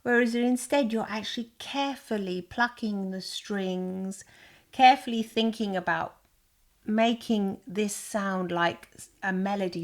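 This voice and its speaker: A woman's voice: medium pitch, a little slow. A woman co-hosting a casual chat, talking with lots of fillers and laughing often. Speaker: podcast co-host.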